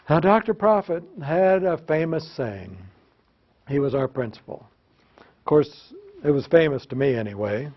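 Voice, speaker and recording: A man's voice: fairly high pitch, normal speed. A man presenting a workshop to teachers, telling joking, self-mocking classroom anecdotes and leading the audience in repeating phrases. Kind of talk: storytelling lecture with audience call-and-response. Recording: slightly dull lo-fi recording.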